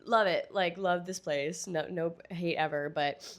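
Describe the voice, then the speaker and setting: A woman's voice: fairly low pitch, unhurried. A woman co-hosting a podcast in casual chat, telling stories animatedly and acting out quotes with frequent laughs. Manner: animated storyteller, acts out quotes, laughs often. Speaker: podcast co-host.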